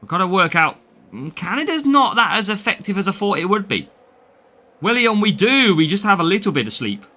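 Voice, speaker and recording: Bright-voiced English man streaming a game. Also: sits high, very animated, fairly quick. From England. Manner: chatty, greets viewers by name, laughs often. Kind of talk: live gameplay stream, reading chat.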